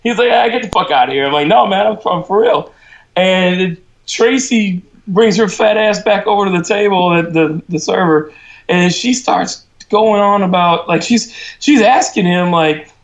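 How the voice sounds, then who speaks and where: A man joining a podcast, telling a story in a relaxed, low-key way. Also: normal speed, vocal fry, rough recording. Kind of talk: casual storytelling.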